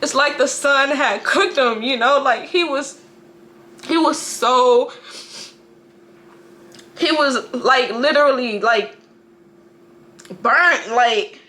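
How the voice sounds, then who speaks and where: A mother speaking to camera about a personal loss, halting and emotional, often restarting her sentences. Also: high voice, sharp tone. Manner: halting, emotional storytelling with frequent restarts and profanity.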